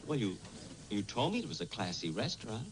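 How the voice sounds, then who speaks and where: A man's voice: fairly low pitch, big pitch swings, a little fast. An actor playing a vain, stingy male comedian star in an old radio comedy, sounding defensive and sheepish. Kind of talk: 1940s radio acting. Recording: noisy old radio broadcast.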